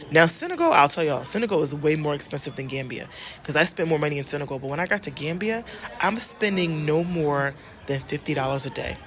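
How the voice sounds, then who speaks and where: Animated, emphatic woman vlogger from the States. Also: low-pitched. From United States. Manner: animated and emphatic, repeats phrases, talks straight to viewers. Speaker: travel vlogger and love coach. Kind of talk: casual vlog chat.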